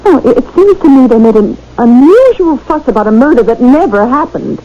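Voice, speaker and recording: An actress playing an animated woman friend with spy theories in a 1970s radio drama. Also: sits high. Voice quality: quick, animated. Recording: dull old radio broadcast.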